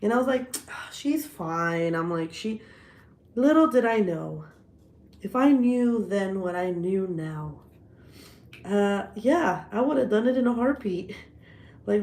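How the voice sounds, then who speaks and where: A woman, telling stories in a profane, animated way with frequent laughs during a casual livestream chat. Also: mid-range voice, measured pace, pauses often, roomy sound. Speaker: livestream host.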